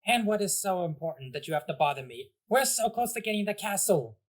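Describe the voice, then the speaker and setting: A man's voice: sits high, big pitch swings, brisk, pitched above the performer's own voice. A man putting on a snappy kitty-voiced boss. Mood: irritated. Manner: snappy, irritated. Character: impatient villain boss with a kitty voice.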